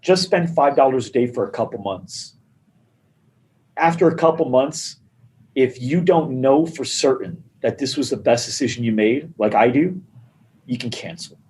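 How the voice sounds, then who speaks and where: A man's voice: mid-range voice, normal speed, rough recording. A man on a podcast telling a sales story in casual talk, acting out the people in it. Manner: animated storyteller acting out dialogue. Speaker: gym marketing guest.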